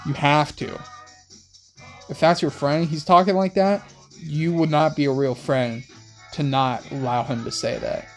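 Young dude rambling late at night, chill slangy talk, kinda high voice, quiet music under it. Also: male voice, fairly even intonation, normal speed. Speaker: host. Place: in a car. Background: soft music playing.

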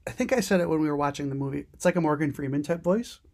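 A woman co-hosting a podcast, joking around in relaxed, slangy casual chat. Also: deep voice, rapid-fire. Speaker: podcast co-host.

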